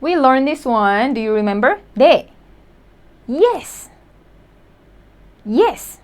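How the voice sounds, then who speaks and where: A woman teaching a recorded language lesson to learners. Her voice sits a little high and moves through a very wide, animated range. She speaks slowly and patiently, repeating each example word as she goes. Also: smooth. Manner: slow, deliberate explanations with repeated example words.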